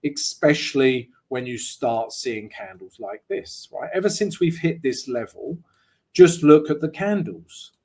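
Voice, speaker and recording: This trading analyst's mid-range voice swings widely in pitch and sounds creaky, a little mellow, and husky, at a measured pace. In his live market analysis walkthrough he chats casually, jokes, and often tags lines with "right?"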